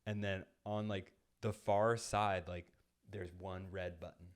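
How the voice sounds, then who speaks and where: Low-voiced man telling a rambling story. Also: flat delivery, unhurried. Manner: rambling, heavy use of "like", acts out quoted lines. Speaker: podcast co-host. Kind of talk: casual storytelling. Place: podcast studio. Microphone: studio microphone.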